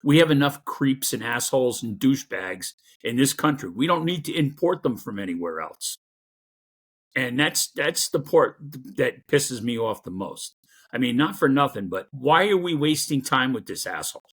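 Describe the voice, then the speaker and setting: A middle-aged man giving an angry, profane political rant, growing louder as he goes. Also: mid-range voice, sing-song, normal speed, breathy edge. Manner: angry, profane, rising to loud outbursts. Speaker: political commentator.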